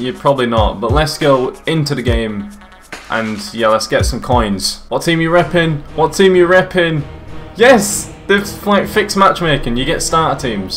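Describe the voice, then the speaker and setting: A young gaming YouTuber with a medium-pitched voice casually commentates his own football video game. He gets excitable, swearing and yelling at the game.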